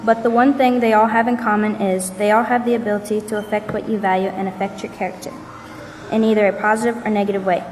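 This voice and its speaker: A woman speaks briskly and emphatically, set back from the microphone. Her voice rings with a long hall reverb. Clear background noise sits under her words. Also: medium pitch, flat delivery, darkish tone, far from the mic. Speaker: speaker at a church service. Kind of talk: short speech introducing the next speaker.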